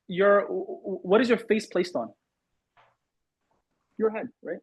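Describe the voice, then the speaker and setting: A man's voice: sits high, slow, pauses often, husky, rough recording. A man teaching an online Arabic class, quizzing students and correcting them through repeated words.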